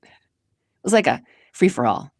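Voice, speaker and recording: A woman's voice: low-pitched, sing-song, moderate pace, creaky, a little mellow, dry recording. A woman hosting her own show, talking casually and earnestly about relationships in a rambling, emotional way, close to tears at times. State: tearful at times. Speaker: podcast host. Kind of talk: casual personal monologue.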